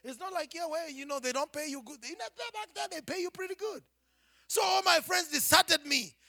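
A Kenyan man preaches through his own testimony in a very high, ringing voice. He tells it dramatically, dropping to a hush and then rising to a shout. The sound is dry, with no room around it. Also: lively intonation, a little fast, no echo. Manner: dramatic storytelling, swinging from hushed to shouting. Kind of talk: personal testimony.

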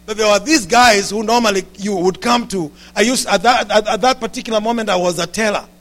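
A man preaching a sermon to his congregation, animated and rising to shouts, with frequent asides to the listeners. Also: high voice, brisk. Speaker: pastor.

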